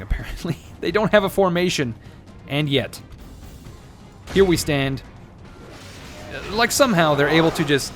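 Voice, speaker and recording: A man giving casual let's play commentary on a strategy game, sarcastic and joking, swearing and rambling as he plays. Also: a little high. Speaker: gaming commentator.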